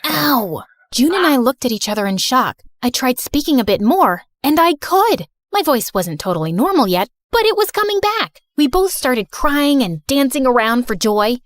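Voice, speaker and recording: A young woman voice actress narrating an animated story in first person, sarcastic and chatty. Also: high-pitched, moderate pace, few pauses, dry recording, studio quality.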